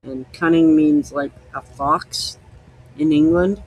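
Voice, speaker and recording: A man's voice: a little high, steady tone, takes it slowly, darkish tone, a little hiss or hum, poor audio. A man hosting a podcast, chatting casually in a loose, rambling way while he tastes liquor. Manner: rambling, loose, easygoing storytelling. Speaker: podcast host.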